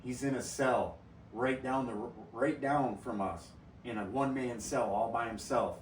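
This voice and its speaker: A man hosting a casual podcast, cursing freely and laughing through his stories. His voice sits at an ordinary middle pitch. He is a little distant from the mic in an echoey room, with a faint hum of ambience behind him. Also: measured pace. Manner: profane, laughing storyteller. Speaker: podcast host. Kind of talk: casual storytelling chat.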